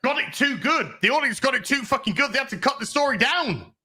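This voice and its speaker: A man's voice: very high-pitched, fairly quick, slightly rough. A man co-hosting a casual podcast, ranting with lots of swearing. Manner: profane, animated ranting. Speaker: podcast co-host.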